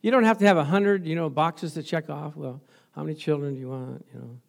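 Man, pastor, high voice, animated storytelling sermon, chuckling asides. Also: brisk, creaky. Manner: animated storytelling with laughs and praise interjections.

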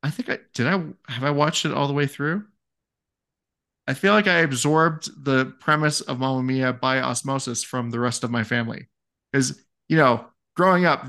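Gravelly, bright-voiced man. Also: mid-range voice. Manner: easygoing, self-deprecating. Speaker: podcast co-host. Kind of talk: casual fantasy football podcast chat.

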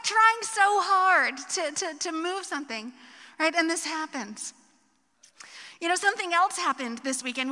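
High bright woman pastor preaching. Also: long reverb tail. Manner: conversational, tag questions and animated storytelling. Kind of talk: sermon. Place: church sanctuary.

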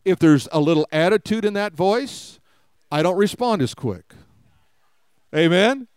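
A man's voice: high-pitched, expressive, a little slow, darkish tone, smooth, no room sound. A man preaching a conversational sermon to a live congregation, often asking them questions. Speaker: pastor. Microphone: live-streamed service mic.

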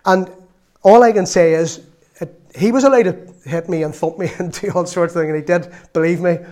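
A middle-aged man with a Northern Irish accent preaching a sermon, telling a lively story from his own family and acting out the voices in it. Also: high voice, brisk. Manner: lively storytelling, acts out voices, laughs often.

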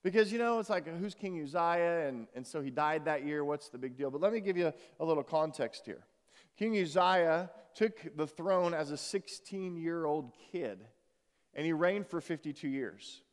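High-voiced man preaching in a reverberant hall. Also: expressive, moderate pace. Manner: earnest, restarts words often, swings from loud emphasis to soft. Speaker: pastor. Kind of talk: sermon. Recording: long reverb of a large hall.

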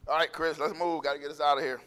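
A man preaching a sermon, animated and joking, acting out little voices and calling out to the congregation. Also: on the high side, fast talker, smooth. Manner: animated, joking, acts out voices, laughs often; calls out to congregation.

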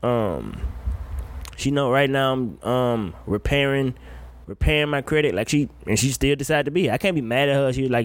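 Blunt, profane young podcast host. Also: male voice, medium pitch, animated, moderate pace, no room sound. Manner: blunt, profane, preachy, laughs often. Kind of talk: casual solo podcast rant.

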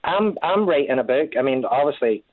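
A Scottish man in his thirties, a guest in a casual interview, talking haltingly with many restarts. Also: mid-range voice, lively intonation, no room sound. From Scotland. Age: 30s. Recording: tinny phone-like line.

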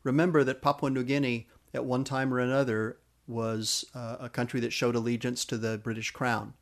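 A man with a gravelly, creaky edge to his voice hosts a podcast about words and their origins. He is keen and animated about his subject, and he slows down to spell terms out letter by letter. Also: mid-range voice. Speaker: podcast host. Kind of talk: explanatory podcast talk.

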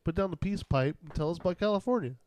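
A man's voice: high voice, quick pace, darkish tone, dry recording. A man in a casual chat, chiming in with teasing questions.

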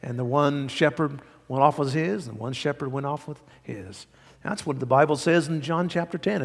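Pastor, male, gravelly tone, emphatic conversational sermon delivery, recorded in a reverberant sanctuary. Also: on the high side. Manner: emphatic, conversational preaching with rising exclamations. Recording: long hall reverb.

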